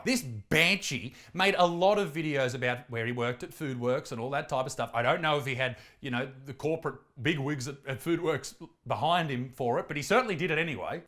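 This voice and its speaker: A man's voice: fairly high pitch, brisk, fairly bright tone. An Australian man hosting a comedic reaction video, mocking the clips he plays with profane, theatrical insults. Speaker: comedian and host.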